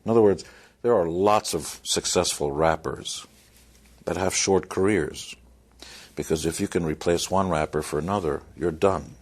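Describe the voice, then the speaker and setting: A man's voice: low voice, moderate pace. A man speaking bluntly in an interview, giving motivational advice with wry, dry humor.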